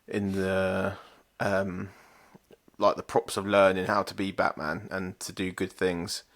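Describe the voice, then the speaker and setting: Man, deep but bright voice, laid-back sweary chat. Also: level tone, slow, no room sound. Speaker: podcast co-host. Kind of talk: casual chat.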